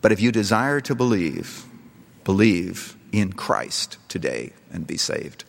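A man's voice: low voice, lively intonation, slow pace, vocal fry. A middle-aged male pastor preaching a sermon, telling a story and building to impassioned appeals. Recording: long reverb of a large hall.

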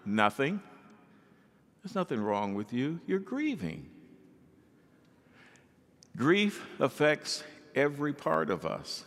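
A male pastor preaching a sermon in an animated way, acting out the people he quotes. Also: fairly high pitch, takes it slowly, pauses often, long reverb tail.

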